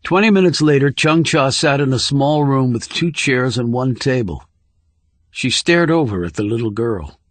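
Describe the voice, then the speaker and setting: A man narrating a thriller audiobook in a measured, steady storytelling voice on a close studio microphone. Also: mid-range voice, dry recording.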